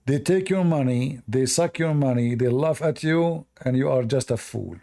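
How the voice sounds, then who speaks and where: A man hosting a live-stream debate, talking in a scornful, sarcastic rant that drops low at the ends of lines. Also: normal speed, creaky, mellow. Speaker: livestream debate host.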